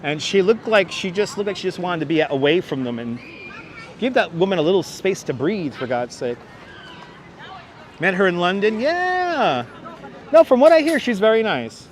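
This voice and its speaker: A high-voiced man with a Brooklyn accent talks into a wireless clip-on mic while walking city streets. He chats animatedly with his livestream viewers. Traffic hums faintly behind him. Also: moderate pace. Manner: chatty, animated, often thanking viewers by name. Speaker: livestream host.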